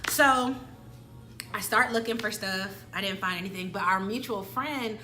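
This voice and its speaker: Woman vlogger, casual dramatic storyteller, bright tone, faint hiss behind. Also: medium pitch, moderate pace. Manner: animated, dramatic, slangy.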